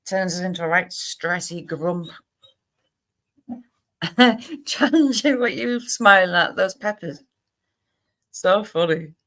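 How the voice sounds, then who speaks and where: A woman with a Cumbrian accent hosting a casual livestream chat, talking quickly and laughing often. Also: fairly low pitch, expressive, a bit bright. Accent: Cumbrian English. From Cumbria, England. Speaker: livestream host.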